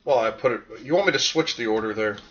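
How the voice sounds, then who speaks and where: A man's voice: medium pitch, quick pace, fairly bright tone. A man from the American South co-hosting a casual podcast, rambling and joking with lots of fillers. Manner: rambling, jokey, filler-heavy. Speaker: podcast co-host. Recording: dull lo-fi podcast audio.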